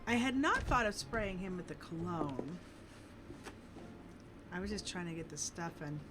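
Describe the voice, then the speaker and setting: Slow, musing woman streamer. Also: lowish voice, expressive, loud music behind the voice. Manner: slow, musing, talks to the game. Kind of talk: casual gameplay commentary.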